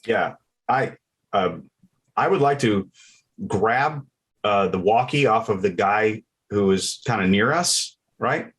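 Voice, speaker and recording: Low, husky player man. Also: lively intonation, takes it slowly, fairly bright tone. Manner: hesitant, thinking aloud. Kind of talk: actual-play tabletop game.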